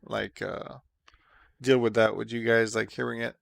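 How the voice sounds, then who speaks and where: A man with a slightly sore throat, chatting casually with viewers while streaming a game, relaxed and full of fillers. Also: mid-range voice, normal speed, creaky, dry recording. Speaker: streamer answering chat questions. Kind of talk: casual live-stream chat while gaming.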